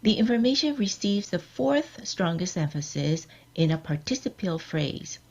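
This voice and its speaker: A woman giving a scripted workshop lecture on editing, measured and explanatory, quizzing her audience. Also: fairly low pitch, sing-song, darkish tone, dull audio.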